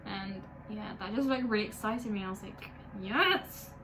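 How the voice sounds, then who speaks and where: A woman's voice: medium pitch, fairly quick, noisy background. A young woman vlogging casually about an album, gushing and chatty, with lots of "like" in her speech. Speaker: music vlogger. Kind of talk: casual chat reviewing an album.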